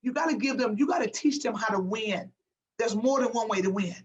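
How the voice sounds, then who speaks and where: A woman's voice: on the high side, a little fast, lo-fi sound. A woman guest speaking as a basketball coach, emphatic and motivational, repeating phrases for effect. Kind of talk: motivational interview talk.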